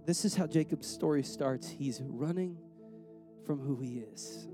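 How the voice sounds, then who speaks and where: A young adult male preacher giving a sermon in a conversational, slangy way, often repeating words. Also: a little high.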